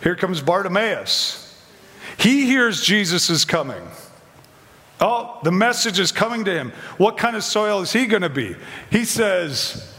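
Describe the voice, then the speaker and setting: A man with a fairly high voice preaching a conversational sermon. He asks questions and slips into quick acted-out lines from his story. His voice rings out in a hall with long reverb. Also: lively intonation, pushed and bright.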